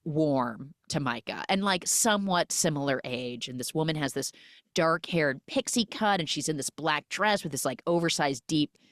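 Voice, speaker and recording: A woman hosts a podcast and talks in a low voice, recapping a film in casual, animated chat. She switches into quick little voices for the people she quotes. The sound is dry and close. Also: no room sound. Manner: animated storytelling, acts out quoted lines. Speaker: podcast host.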